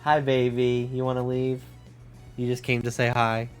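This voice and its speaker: A man streaming a game from his home office, chatting casually, swearing freely and cooing to his dog in high baby talk. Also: monotone, moderate pace, faint music behind.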